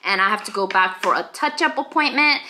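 A woman's voice: mid-range voice, lively intonation, fairly quick, pushed and bright. A young woman hosting a casual eating vlog, bubbly and chatty as she eats and talks to her viewers. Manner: bubbly, greets viewers as honeybees. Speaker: mukbang host.

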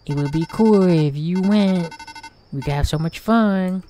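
A man's voice: high-pitched, a little slow, mellow, faint music behind. A man reading out the lines of a friendly young woman character from a game, in a plain read-aloud voice.

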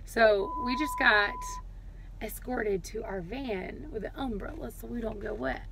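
A woman vlogging casually about her family, chatting in an animated way with quick asides, recorded in a car. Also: a little high, creaky, background noise. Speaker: vlogger, mother. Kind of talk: casual family vlog chat.

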